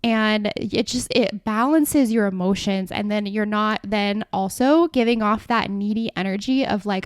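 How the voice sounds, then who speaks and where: A young woman hosting a solo podcast, talking casually with lots of "like" fillers and quick restarts. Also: medium pitch, no room sound, studio quality. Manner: chatty, heavy use of "like" and restarts. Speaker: podcast host.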